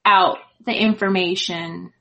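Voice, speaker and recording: A woman's voice: lowish voice, fairly even intonation, takes it slowly, fairly bright tone, rough recording. A woman in her thirties, a mother chatting casually and telling a story, acting out the lines of her son. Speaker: mom and co-host.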